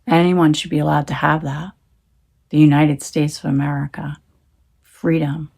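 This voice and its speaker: A woman's voice: sits low, little pitch movement, normal speed, creaky, a little mellow, husky. A woman talking into her phone in a rambling, emphatic monologue, swearing when she gets heated. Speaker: tarot reader.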